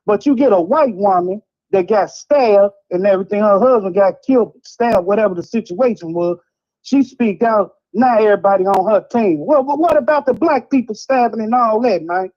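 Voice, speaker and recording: A man's voice: high voice, normal speed, darkish tone, lo-fi sound. A man from Chicago calling in to a talk show, ranting in a rambling, frustrated way. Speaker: caller. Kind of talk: heated call-in rant.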